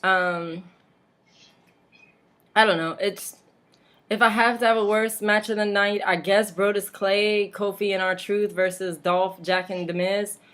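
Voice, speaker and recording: A woman's voice: mid-range voice, level tone, unhurried, fairly bright tone. Chatty woman rambling through a recap. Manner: chatty, rambling, laughs often, mocking asides. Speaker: vlog host. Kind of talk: casual wrestling recap vlog. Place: home.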